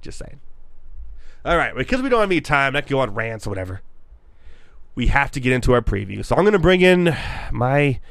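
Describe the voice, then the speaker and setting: An excitable man hosts a football podcast, ranting with plenty of hype and bursts of shouting. His pitch swings widely and stays animated. The sound is dry and close, with no room echo. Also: brisk, creaky, long pauses. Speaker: podcast host. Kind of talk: fantasy football podcast rant.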